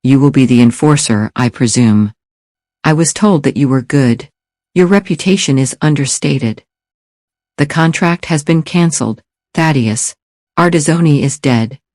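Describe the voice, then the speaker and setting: Male narrator doing a lethal enforcer, calm, dry, commanding. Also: mid-range voice, unhurried, no room sound, lightly acted.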